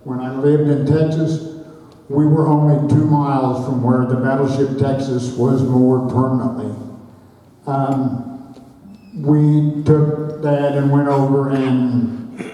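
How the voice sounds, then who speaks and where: A man in his sixties giving a halting, emotional personal remembrance at a memorial dedication. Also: mid-range voice, little pitch movement, dark tone. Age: 60s. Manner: halting, emotional, many fillers. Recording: echoey hall from far off.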